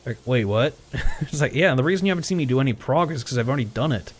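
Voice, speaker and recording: A man with a mid-range voice talks rapid-fire during a live gaming stream, with soft music in the background. He casually tells an animated story full of quoted back-and-forth, swearing often and chuckling.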